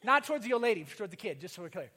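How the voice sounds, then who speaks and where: High-voiced preacher man, emphatic and repetitive. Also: big pitch swings, racing, pushed and bright, slight background noise. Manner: emphatic, repeats phrases, calls for amen. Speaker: pastor. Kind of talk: sermon.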